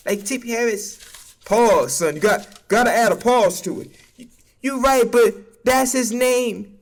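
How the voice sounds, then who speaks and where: A young man hosting a comedic sports recap on his stream. His voice sits very high for a man. He talks loud and profane, joking around and jumping abruptly up and down in pitch. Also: measured pace. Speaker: streamer and sports show host.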